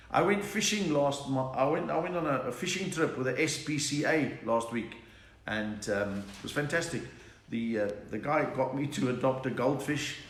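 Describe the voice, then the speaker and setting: A South African man, a comedian, hosting a live online chat, telling quick-fire jokes and laughing at his own lines. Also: medium pitch, fairly bright tone, roomy sound. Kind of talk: live stand-up joke session. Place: room at home.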